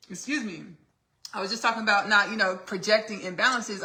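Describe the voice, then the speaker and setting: A woman's voice: fairly high pitch, fairly quick, pushed and bright, echoey room. A Texan woman hosting a podcast in casual chat while she cooks in a home kitchen, rambling, laughing often and calling her listeners "baby" and "y'all". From Austin, Texas. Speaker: podcast host.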